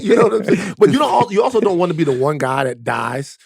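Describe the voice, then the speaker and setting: Gravelly, higher-voiced animated American man. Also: fast talker. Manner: animated storyteller, swears, laughs often. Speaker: podcast co-host. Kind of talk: casual podcast chat.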